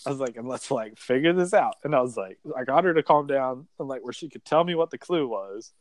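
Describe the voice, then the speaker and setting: A man's voice: medium pitch, expressive, brisk, no echo. A man, a former contestant, telling a rambling story in a casual interview, filling his speech with "like" and acting out what people said. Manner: rambling, fills speech with "like", acts out quoted dialogue.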